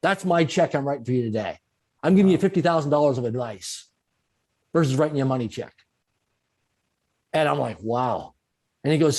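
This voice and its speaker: Middle-aged man, guest storyteller, brighter higher voice, animated, leans on repetition. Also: fairly quick. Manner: animated, repeats phrases for emphasis. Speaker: guest speaker. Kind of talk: storytelling in a conversational interview.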